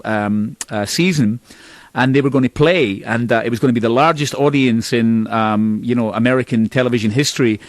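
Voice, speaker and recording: A man's voice: mid-range voice, no echo. Scottish guy, middle-aged, yarns away on a radio chat, laughs at himself, medium voice, dry studio. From Scotland. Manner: rambling, self-mocking, laughs often. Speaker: band singer, interview guest. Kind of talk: radio interview, storytelling.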